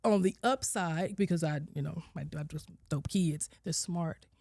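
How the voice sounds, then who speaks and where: A woman in her forties, a social worker, telling her personal story as a podcast guest, candid, acting out her own and her children's words and sometimes dropping to a soft near-whisper. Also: lowish voice, moderate pace, no echo. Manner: candid, quotes herself and her kids with lively shifts, drops to soft near-whispers. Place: podcast studio.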